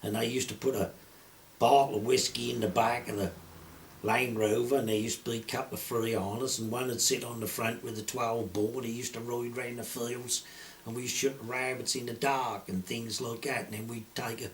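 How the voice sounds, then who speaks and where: A man's voice: mid-range voice, little pitch movement, normal speed, a little hiss or hum. An older man with a broad Suffolk accent, telling rambling poaching tales in earthy, rural dialect with casual swearing. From Suffolk, England. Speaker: storyteller. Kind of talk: rambling anecdotal storytelling.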